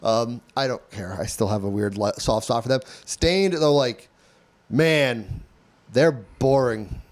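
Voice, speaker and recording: A man's voice: mid-range voice, slow pace. A man co-hosting a podcast in casual chat, rambling, swearing freely and laughing often. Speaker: podcast co-host.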